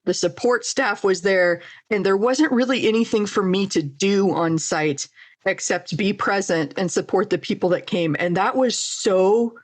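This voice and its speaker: A woman's voice: mid-range voice, unhurried. A woman hosts a casual interview podcast. Her voice sits mid-range, and she talks in a candid, conversational way. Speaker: podcast host.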